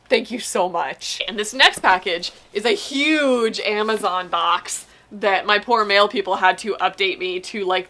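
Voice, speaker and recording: A woman's voice: mid-range voice, bright, forceful tone. A young woman chatting casually as she unboxes book mail, gushing and exclaiming often. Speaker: booktube vlogger.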